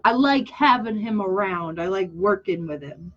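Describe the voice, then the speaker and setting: A woman's voice: medium pitch, lively intonation, normal speed. A young woman vlogging casually while she draws, talking in a rambling, candid, self-mocking way with many restarts and a teary edge. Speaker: vlogger and artist. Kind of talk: casual chat while drawing. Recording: muffled lo-fi audio.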